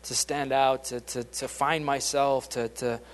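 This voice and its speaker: A man's voice: medium pitch, level tone, measured pace. Man preaching a casual, chatty sermon. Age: adult, beyond his late teens. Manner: conversational, repetitive restarts, acts out quoted voices. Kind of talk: informal sermon.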